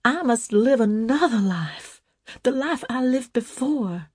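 Woman reading earnest young woman, soft and firm, a little higher, husky, dry storybook voice. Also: lively intonation, slow pace, no room sound, heavily acted. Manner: low, clear and firm. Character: quiet, firm young woman longing to leave.

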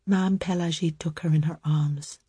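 A woman reading a story aloud as narrator, slow, calm and measured. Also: low-pitched, husky, no room sound.

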